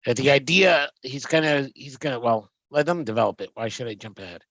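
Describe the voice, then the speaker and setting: A man's voice: mid-range voice, a little fast, fairly bright tone, no room sound, highs cut off. Hesitant man translating text aloud. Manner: reads Hebrew phrases then translates, hesitant with frequent ums. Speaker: Torah teacher. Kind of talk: text-study lecture.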